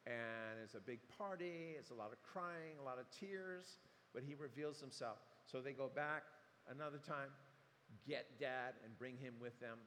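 A man's voice: mid-range voice, moderate pace, a bit bright. A man preaching a sermon, retelling the story animatedly and acting out quotes. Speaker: pastor. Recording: long hall reverb, faint room noise.

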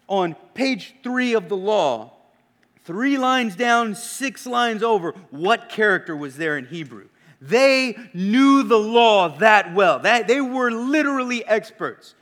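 Male preacher with a high voice, earnest and probing, leaning into quiet emphasis. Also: lively intonation, takes it slowly. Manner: earnest, questioning, often drops to a hushed emphasis. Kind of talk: sermon.

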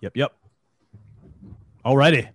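A man co-hosting a casual podcast chat, brisk and laying out facts. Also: medium pitch, a bit bright, dry recording, clean studio sound. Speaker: podcast co-host.

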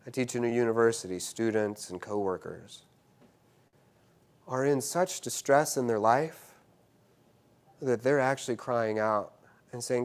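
A man preaching a sermon, swinging between loud exclamations and hushed, quiet stretches, often repeating himself as he builds a point. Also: mid-range voice, unhurried, long pauses. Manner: repeats words and restarts phrases. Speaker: university teacher.

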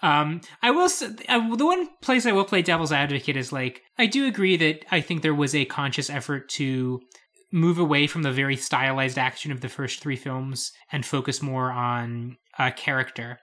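A woman co-hosting a casual film discussion, giving quick opinions with stammered restarts, laughing and swearing casually. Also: low-pitched, animated, fairly bright tone. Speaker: podcast co-host.

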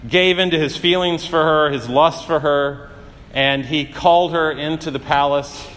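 A male pastor delivering a sermon, telling stories earnestly with dramatic pauses and rising emphasis. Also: a little high, fairly bright tone, big-room sound.

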